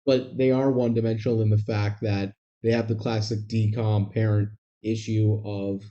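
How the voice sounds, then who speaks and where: A man's voice: fairly low pitch, level tone, normal speed, warm tone. A young man co-hosting a podcast, talking over movie logic in a wry, rambling, analytical way. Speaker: podcast co-host. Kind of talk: casual movie discussion. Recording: dull lo-fi sound.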